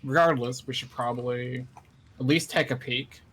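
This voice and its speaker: A man playing in a tabletop game, talking in a rambling, excitable way and swearing casually. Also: medium pitch, moderate pace, slight background noise. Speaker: player. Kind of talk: tabletop role-play chat.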